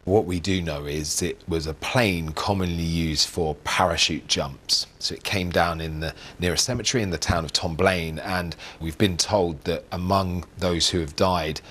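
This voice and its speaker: A man's voice: low voice, fairly even intonation, normal speed, fairly bright tone. A male correspondent giving a somber, informative news report.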